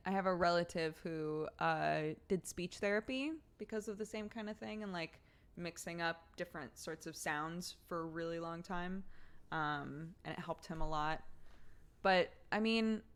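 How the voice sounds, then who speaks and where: A woman's voice: on the low side, fairly bright tone, smooth. A young woman streamer chatting casually with her viewers, giggly and rambling as she tells stories. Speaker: streamer host reading chat.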